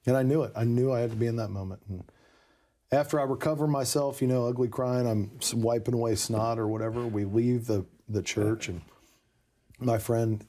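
A man's voice: fairly low pitch, warm tone. A man in casual conversation, earnestly telling a personal story with lots of "you know" asides. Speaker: podcast guest telling his conversion story.

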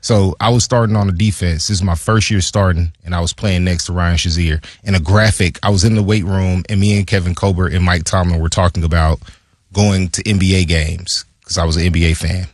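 A former pro football player telling casual stories as a podcast guest, acting out quoted dialogue. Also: male voice, sits low, brisk, no room sound, studio quality. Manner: animated, acts out quoted dialogue. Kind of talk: casual storytelling.

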